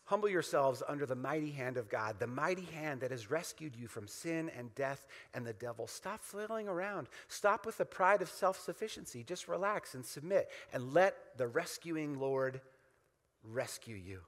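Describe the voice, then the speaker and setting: A man's voice: mid-range voice, animated, moderate pace, big-room sound. A man preaching a sermon as pastor, emphatic and repetitive, leading the congregation in call-and-response.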